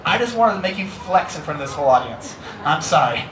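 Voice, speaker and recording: An American man with a fairly high, sing-song voice speaks quickly over crowd noise as he presents a live educational bird show, playfully teasing and coaxing volunteers. He's on an outdoor amphitheater stage, and the recording has the roomy sound of a live show with music.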